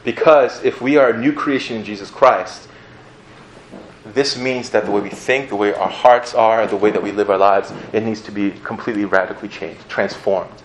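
Casual, animated male preacher. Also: lowish voice, normal speed, slight background noise. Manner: animated, casual, laughs often. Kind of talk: storytelling sermon. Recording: roomy echo, faint ambience.

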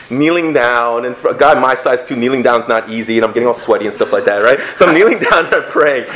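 Young man, testimony talk, lively storyteller who laughs easily and goes hushed for prayers, echoey room. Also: mid-range voice. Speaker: speaker giving a testimony.

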